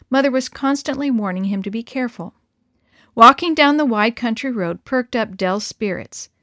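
Woman storyteller, bright higher voice, dry close sound, reads a children's story. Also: no room sound. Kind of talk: storybook reading.

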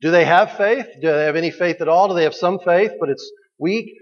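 A man's voice: sits high, a little fast. A man preaching a sermon in a conversational way, asking the listeners questions and repeating key phrases. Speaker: pastor. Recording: dull recording with long hall reverb.

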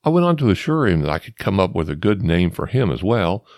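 A man's voice: low-pitched, sing-song, quick pace, darkish tone, dry recording, clean studio sound. A middle-aged man hosting a storytelling podcast, rambling through digressions and addressing listeners as folks. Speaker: podcast host.

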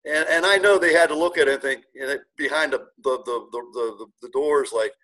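A man's voice: on the high side, fairly quick, sharp tone, soft background music, low-quality recording. A middle-aged man telling his story as an interview guest, earnest and emotional, with many restarts. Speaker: guest, car dealership owner.

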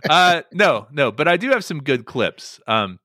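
A male podcast host telling stories in a lively way. His pitch rises and falls a lot, and his tone is bright and forward. The sound is dry and close to the mic. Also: unhurried, no echo. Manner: animated storytelling with many fillers. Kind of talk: casual chat podcast.

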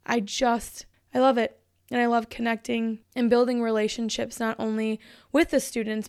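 Upbeat woman in her thirties, gravelly. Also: on the high side, no echo, clean studio sound. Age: 30s. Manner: upbeat, chatty and encouraging. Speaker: podcast host and motivational speaker. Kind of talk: solo podcast monologue.

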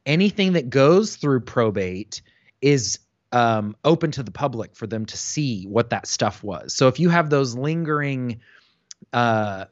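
Guy cohost explaining stuff calmly, mid pitch voice, kinda dull dry recording. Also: dry recording. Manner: calm, explains plainly. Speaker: podcast co-host, planning advisor. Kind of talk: casual explanatory chat.

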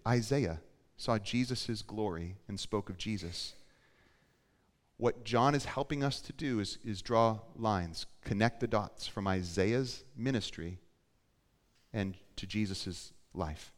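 A man preaching a sermon as pastor, moving between quiet emphasis and loud, urgent appeals. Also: fairly low pitch, slow pace. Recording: long hall reverb.

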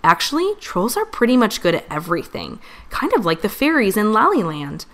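A woman voicing a cheerful, energetic puppy prince in a children's story. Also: mid-range voice, a little fast. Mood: excited. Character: cheerful puppy prince, boy, bouncy and friendly.

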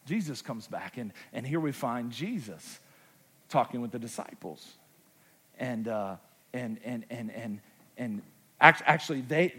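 Joking, high-voiced male preacher. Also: fairly bright tone. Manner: humorous, conversational, retells scripture in slang. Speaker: pastor. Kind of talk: sermon.

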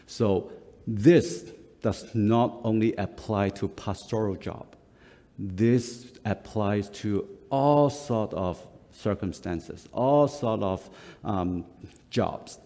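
A middle-aged man from Singapore, a pastor, delivers a sermon in an unhurried, halting way, full of pauses and restarts. His voice sits a little low. The long reverb of a big church hall trails after his words. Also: creaky, dark tone. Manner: slow, halting, with frequent uh fillers and self-corrections.

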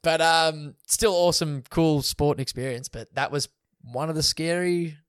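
A young man telling a story in a relaxed podcast chat, swearing often and laughing as he goes. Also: a little high, normal speed, clean tone, no echo, clean studio sound. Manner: laid-back, swears often, laughs through stories. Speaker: guest.

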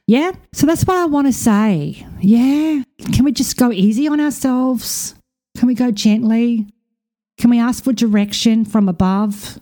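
A woman's voice: a little high, measured pace. A woman, a podcast host and spiritual coach, talking casually and bluntly with frequent swearing. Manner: blunt, swears freely, animated asides.

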